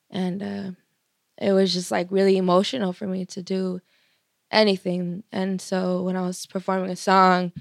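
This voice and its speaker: A woman's voice: mid-range voice, creaky, dry recording, studio quality. A young woman musician talking candidly in an interview, casual and frank, swearing often and laughing between thoughts. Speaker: touring musician.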